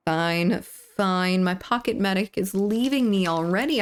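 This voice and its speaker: A woman's voice: mid-range voice, animated, clear, resonant tone. Playful woman streamer chatting while gaming. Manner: playful, chatty, reads chat aloud, quick laughs. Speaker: game streamer. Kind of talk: casual live-stream chat while gaming.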